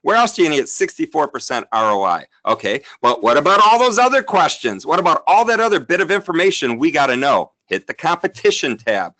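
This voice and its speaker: A man in his thirties hosting a live sales webinar, upbeat and chatty, talking to the viewers in the chat while he demos software. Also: a little high, very animated, fast talker, few pauses. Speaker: webinar host.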